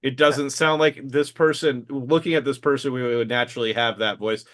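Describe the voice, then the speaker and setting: A man's voice: medium pitch, fairly even intonation, normal speed, a bit bright. A man in his late thirties co-hosting a podcast in casual chat, hesitant and wry, with lots of fillers. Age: late 30s. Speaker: podcast co-host.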